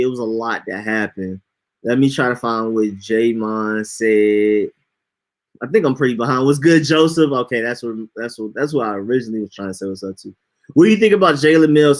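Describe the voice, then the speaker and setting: Relaxed slangy man chatting sports. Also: mid-range voice. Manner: relaxed, slangy, greets live chat viewers. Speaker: podcast co-host. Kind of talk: casual sports chat.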